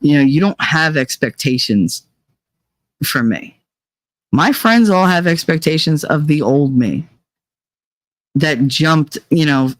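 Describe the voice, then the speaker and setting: A podcast host with a low-sitting female voice chats to a live audience in a loose, candid, confessional way. She swings into blunt, profane, sarcastic rants. Her voice is close and dry, with no room sound.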